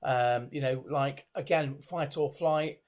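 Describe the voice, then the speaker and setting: A man's voice: medium pitch, fairly even intonation, slow, darkish tone. A middle-aged man from the UK, a body language expert speaking as a guest on a video call, with many fillers and restarts. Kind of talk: conversational video call interview. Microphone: video call webcam.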